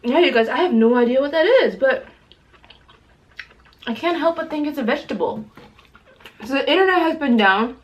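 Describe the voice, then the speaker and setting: High-voiced, chatty woman food vlogger. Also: normal speed, pauses often. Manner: chatty, excitable, exclaims often. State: sweaty, teary from spicy food. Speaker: mukbang host. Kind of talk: casual food vlog chat to camera.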